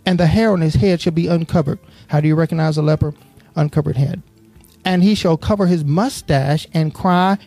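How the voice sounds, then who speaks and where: Preacher in church doing call and response, reads a verse then asks "what?", gets fired up, quiet music underneath. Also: medium pitch, fairly quick, vocal fry, no room sound. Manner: asks the congregation to fill in words; builds from steady Bible reading to impassioned preaching.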